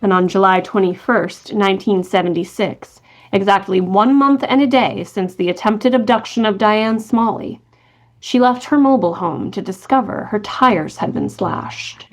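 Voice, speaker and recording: A woman's voice: medium pitch, moderate pace, soft background music. A woman co-hosting a podcast, reading a true crime story from a script and voicing quotes from the people in it. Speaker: podcast co-host.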